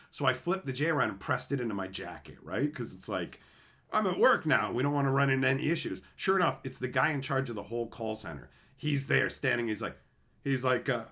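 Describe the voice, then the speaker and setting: A man's voice: medium pitch, brisk. A man telling stories from his old job in a casual, profane rant, often acting out what people said. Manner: profane, animated, acts out quoted people. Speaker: channel host.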